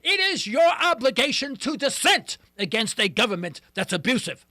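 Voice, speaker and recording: Male talk radio host, high and lively, bright dry studio sound, jokey ranting delivery. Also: moderate pace, no echo. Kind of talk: call-in radio monologue.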